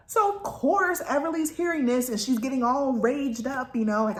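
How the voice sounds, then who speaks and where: In a casual book review chat, a woman rambles about what she's currently reading, full of tangents and filler words. Her voice is high-pitched, and she speaks at normal speed with few pauses. The room adds a noticeable echo.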